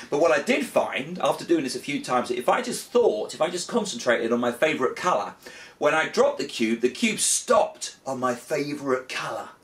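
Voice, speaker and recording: Brief: male kids' magician, lively swooping delivery, jokey mock frustration. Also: a little high, a little fast, distant mic. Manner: playful, mock-frustrated, big excited cheers. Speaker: children's magician. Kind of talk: comic magic show patter for children.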